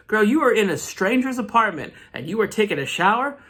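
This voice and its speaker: A man's voice: extremely high pitch, expressive, fairly quick, bright, forceful tone. A man recapping a comic book issue in a casual vlog, with joking, slangy asides.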